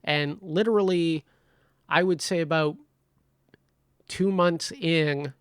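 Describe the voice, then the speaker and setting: A man's voice: fairly high pitch, slow, smooth, dry recording, clean studio sound. A man telling a comedic story in a casual way, swearing freely and acting out the dialogue. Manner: animated, swears freely, acts out quoted dialogue. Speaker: podcast host.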